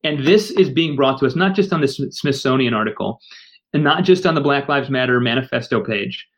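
A man's voice: medium pitch, brisk. A man co-hosting a podcast, talking in an earnest, firm and emphatic way. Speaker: podcast co-host. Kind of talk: casual discussion.

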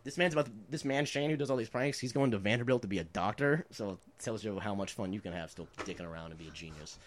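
A man's voice: on the low side, fast talker, slight background noise. A man in his twenties telling prank stories in a casual chat, rambling with lots of filler words and laughing as he goes.

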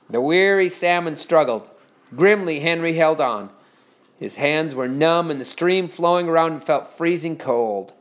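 Male narrator reading a children's story, fairly high voice, dull lo-fi recording. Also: unhurried. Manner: steady expressive storytelling.

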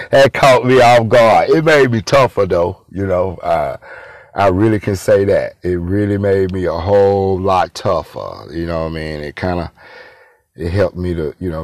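A man's voice: deep voice, no echo. A man telling a personal story in a loose, rambling way, full of street slang. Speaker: former inmate telling his story.

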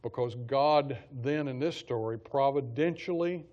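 A man's voice: medium pitch, measured pace, lo-fi sound. A man teaching a Bible study class in a conversational way, repeating key phrases for emphasis.

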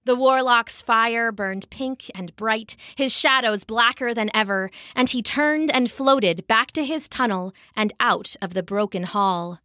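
A woman narrating a children's fantasy story in an expressive, measured way. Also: fairly high pitch, no echo, clean studio sound.

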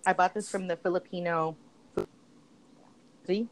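A woman's voice: on the low side, steady tone, unhurried, poor audio. A woman co-hosting a podcast, talking in a chatty, casual way with lots of fillers and restarts. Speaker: podcast co-host. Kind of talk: casual chat.

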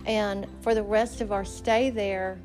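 A woman's voice: medium pitch, steady tone, unhurried, a little mellow, soft background music. A woman hosting a faith podcast, telling a story and preaching in an emphatic, conversational way. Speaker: podcast host.

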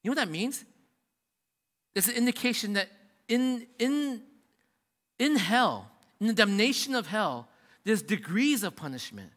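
Male preacher, high bright voice, casual emphatic sermon, long hall reverb. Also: big pitch swings, a little slow, long pauses. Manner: casual, emphatic preaching with many restarts and rising repetitions.

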